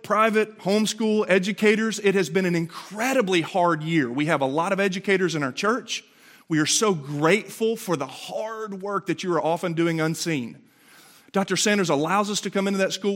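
A man's voice: high-pitched, a bit bright. A man in his forties giving an emphatic, conversational sermon as a pastor in a church sanctuary, often checking in with rhetorical questions. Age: 40s.

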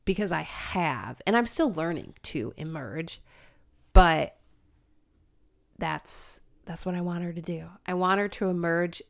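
Woman, slightly low voice, faith chat, halting and open. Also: lively intonation, vocal fry. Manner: searching, restarts, quick laughs.

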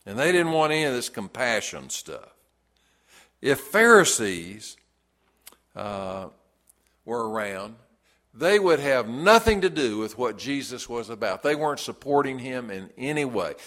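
A man preaching a sermon, deliberate and emphatic, leaning hard on key words. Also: medium pitch, fairly bright tone.

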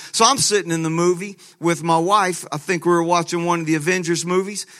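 A man pastor preaching a sermon, telling a lively story with laughter and frequent restarts. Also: sits high.

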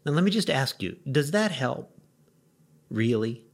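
Gravelly-voiced pastor, conversational and wry. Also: male voice, mid-range voice, big pitch swings, unhurried. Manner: conversational, gently wry, with rhetorical questions. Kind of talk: short devotional sermon.

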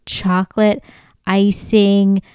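Brief: woman comic host, smooth clear voice, close and dry mic, animated storytelling, swears freely. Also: mid-range voice, takes it slowly, no echo. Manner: animated, swears freely, laughs often, acts out quoted lines. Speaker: podcast host. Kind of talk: comedic storytelling monologue.

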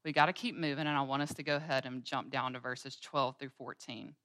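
A woman's voice: a bass voice, flat delivery, brisk, a bit bright, no room sound, studio quality. A woman in her thirties teaching a women's Bible study, telling everyday stories in an earnest way. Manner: earnest storytelling, acting out everyday scenes with quoted voices.

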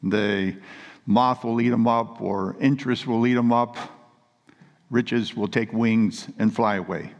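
A man's voice: mid-range voice, fairly even intonation, a little slow, creaky, lo-fi sound. A man preaching a sermon with earnest, emphatic storytelling. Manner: earnest, emphatic storytelling with read scripture quotes. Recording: long reverb of a large hall.

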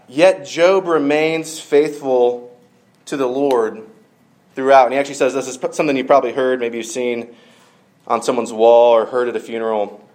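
A man giving a casual sermon, retelling a scripture story in a wry, conversational way with asides and fillers. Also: mid-range voice. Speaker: preacher.

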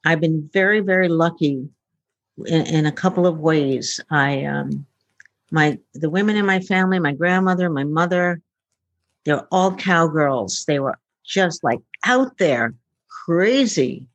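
A deep-voiced woman, a futurist guest, tells animated personal stories in an easygoing interview, performing the dialogue and filling gaps with fillers. She talks a little slowly. There's no room sound, and the highs are cut off.

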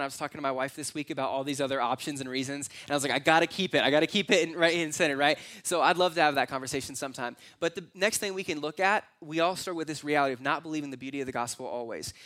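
A man's voice: a little high, fairly bright tone. A young adult man preaching a conversational, earnest sermon as pastor, sometimes acting out voices in his stories.

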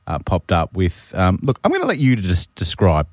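A man's voice: low-pitched, wildly swooping pitch, normal speed, no echo. A man hosting breakfast radio, joking and teasing, often laughing, on a studio microphone. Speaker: radio host.

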